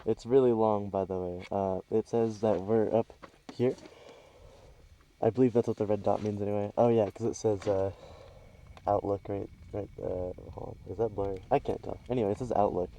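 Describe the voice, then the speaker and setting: Low-voiced man rambling on a vlog. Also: steady tone, normal speed, dark tone, rough recording. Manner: rambling and hesitant, many fillers. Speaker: travel vlogger. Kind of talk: casual vlog narration. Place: outdoors on a trail and a scenic overlook. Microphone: handheld camera mic.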